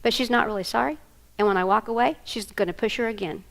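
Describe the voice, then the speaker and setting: A woman's voice: fairly high pitch, quick pace, creaky, rough recording. A woman giving a training workshop, animatedly acting out scenes with volunteers. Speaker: workshop presenter. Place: conference room before an audience.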